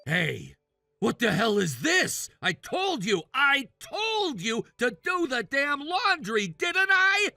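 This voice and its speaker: An entitled jobless brother-in-law in his thirties, voiced by a man, barking demands in a high, bright, tense voice. He speaks slowly, his pitch swinging wide as he scolds. The sound is dry and close, with faint music behind. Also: wildly swooping pitch, gravelly, breathy edge, no echo, exaggerated voice. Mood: angry. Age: 30s. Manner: demanding, yelling insults. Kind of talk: text message story voice.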